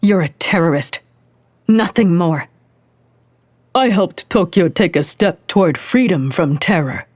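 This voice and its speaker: A fierce, hot-tempered female officer who snaps and barks, as a woman narrator puts her on. Her voice is husky with a raised edge. The sound is dry and close. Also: lowish voice, animated, unhurried, pauses often, dry recording. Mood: angry. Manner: barking, forceful.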